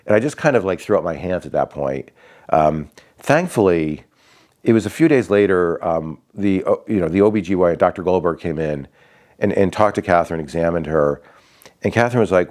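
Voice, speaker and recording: Deep-voiced man telling a family story. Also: lively intonation, darkish tone. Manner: halting, many restarts and fillers, acts out quoted voices. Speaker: father sharing a personal story. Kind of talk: casual personal storytelling.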